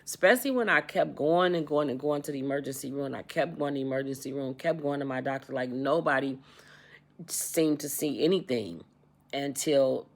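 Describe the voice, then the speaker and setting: Gravelly-voiced woman in her sixties. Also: extremely low pitch, normal speed. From United States. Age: 60s. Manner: repetitive, animated retelling with quoted dialogue. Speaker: vlogger. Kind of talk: casual storytelling.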